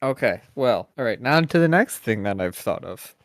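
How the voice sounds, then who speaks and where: A man's voice: mid-range voice, very animated, moderate pace, no room sound, clean studio sound. A man co-hosting a podcast, talking in a laid-back, rambling way and laughing often. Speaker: podcast co-host. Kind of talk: casual chat.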